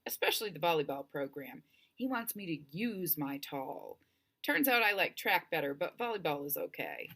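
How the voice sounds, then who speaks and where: A woman reading the part of a tall, wisecracking teenage girl who is quick to take offense. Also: low-pitched, expressive, a bit bright, full character voice. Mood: explaining. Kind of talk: audiobook character voice.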